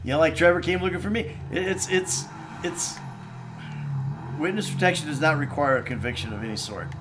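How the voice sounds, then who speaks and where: A middle-aged actor streams a video game playthrough, chatting casually, reading viewer comments, and joking around in a laid-back way, laughing and swearing freely. His voice is a little high and brisk, with background noise present.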